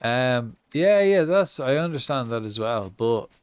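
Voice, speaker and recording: A man's voice: mid-range voice, animated, measured pace, a little mellow, clean tone, no echo. An Irish man chatting casually on a live gaming stream, swearing often and telling stories with mock-acted reactions. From Ireland. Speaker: game streamer.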